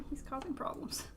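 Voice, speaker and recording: A young woman streaming casually, playfully scolding her pet cat while building kits. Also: fairly bright tone.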